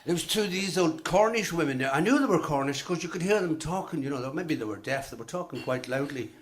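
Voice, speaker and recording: Middle-aged male stand-up, high bouncy voice, rattles off gags and switches voices for punchlines. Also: expressive, a little hiss or hum. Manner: brisk joke-telling, swapping voices for punchlines. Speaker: stand-up comedian. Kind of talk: live stand-up comedy.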